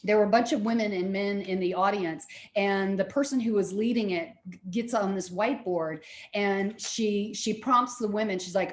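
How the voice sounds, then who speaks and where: A woman lecturer and therapist telling stories in an animated way, often repeating herself. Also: medium pitch, normal speed, hardly any pauses, roomy sound. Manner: animated storytelling with repetitions. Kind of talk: recorded lecture.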